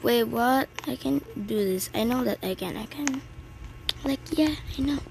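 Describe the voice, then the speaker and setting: Woman, casual gameplay commentary, excitable, slow-paced talk, clear clicking noise behind. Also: on the high side. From Philippines. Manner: excitable, chatty, frequent exclamations. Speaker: gaming channel host.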